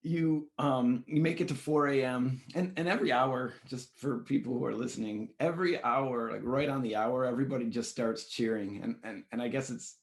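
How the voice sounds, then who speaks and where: A man's voice: medium pitch, normal speed, few pauses. A man hosting a casual podcast, upbeat with stumbling restarts. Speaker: podcast host.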